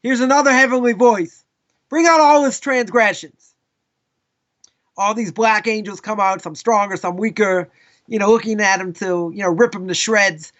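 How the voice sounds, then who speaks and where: A man, a rabbi, teaching a live class in a casual, animated way, telling stories with lots of asides. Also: high-pitched, normal speed, highs cut off. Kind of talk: live lesson with storytelling.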